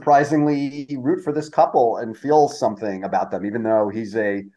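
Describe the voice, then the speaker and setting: A man's voice: medium pitch, steady tone, brisk, warm tone, low-quality recording. A man guesting on a podcast, talking in an easygoing, thoughtful way and laughing often. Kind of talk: casual interview chat.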